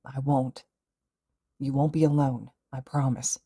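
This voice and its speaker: A calm, protective teenage boy speaking softly and steadily, read by a woman with a low voice. He sounds earnest and reassuring, in a fan audiobook. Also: a little slow, slightly rough, heavily acted.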